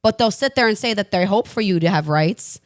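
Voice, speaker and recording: Woman guest on a podcast, blunt, profane, animated, dry close sound. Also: mid-range voice, a little fast, no room sound. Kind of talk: casual podcast chat. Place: Los Angeles.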